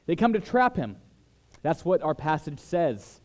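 A man preaching a sermon, who swings between loud, emphatic lines and quiet, dropped asides. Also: a little slow. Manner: dramatic shifts in loudness, mimics flatterers in higher voice. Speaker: pastor.

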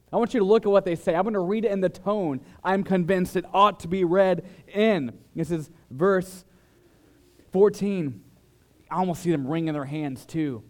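A preacher man with a slightly high voice. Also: measured pace. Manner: dramatic shifts in loudness, mimics flatterers in higher voice. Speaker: pastor. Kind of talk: sermon.

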